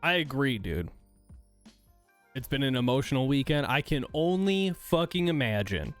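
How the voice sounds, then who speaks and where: A man's voice: medium pitch, sing-song, moderate pace, faint music behind. A man from the United States hosting a livestream, ranting in a heated, profane, exasperated way while reading and answering chat. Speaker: streamer host.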